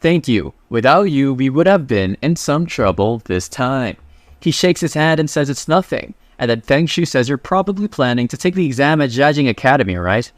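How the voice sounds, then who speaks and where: A man's voice: medium pitch, animated, moderate pace, no room sound. A man retelling a comic story in a loose, chatty, slangy way, reading the characters' lines as he goes. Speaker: manhwa recap narrator. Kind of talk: casual story recap narration.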